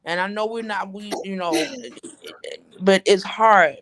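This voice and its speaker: A woman's voice: mid-range voice, steady tone, a little slow, a bit bright. A woman in an emotional conversation, comforting and encouraging the others.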